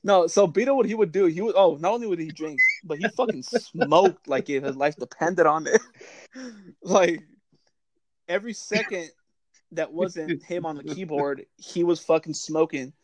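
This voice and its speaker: A man's voice: fairly high pitch, moderate pace, no echo. A young man hosting a casual chat, telling old service stories, swearing freely and laughing often. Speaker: podcast host.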